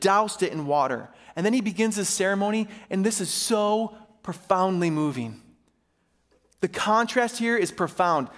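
Impassioned high-voiced preacher in a hall. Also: male voice. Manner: impassioned, swings between urgent and slow, emphatic delivery. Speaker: pastor. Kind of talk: sermon. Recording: reverberant hall.

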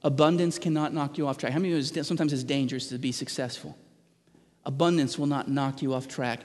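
A man's voice: medium pitch, steady tone, quick pace, a little mellow. A middle-aged man, a pastor, preaching earnestly to a congregation, stumbling over restarts and asking the people questions. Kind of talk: sermon. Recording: long hall reverb.

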